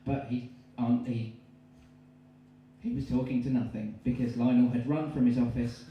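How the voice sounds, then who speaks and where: Rambling English comic in an echoey room. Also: male voice, mid-range voice, moderate pace, muffled recording, a little hiss or hum. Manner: rambling, self-interrupting, deadpan asides. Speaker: stand-up comedian. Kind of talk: stand-up storytelling with silly voices. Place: live comedy venue. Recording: distant, very echoey room mic.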